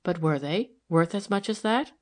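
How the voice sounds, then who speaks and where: A woman reading the part of a calm, gentle woman who asks steady, careful questions, in an audiobook. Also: lowish voice, moderate pace, close to an everyday voice.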